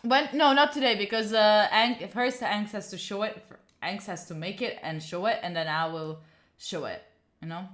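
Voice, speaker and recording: A woman's voice: medium pitch, normal speed, fairly bright tone. A woman, rambling casually to her live viewers with lots of filler words and the odd swear. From Italy. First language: Italian. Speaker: study streamer.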